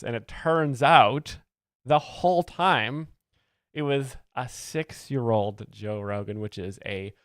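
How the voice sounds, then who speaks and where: Deadpan man explaining jokes. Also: mid-range voice, smooth, dry recording, studio quality. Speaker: comedy show host. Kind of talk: deadpan mock-expert commentary.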